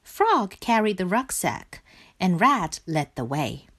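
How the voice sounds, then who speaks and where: A woman reading a children's picture book aloud in a slow, clear and expressive way. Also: lowish voice. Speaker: storybook reader.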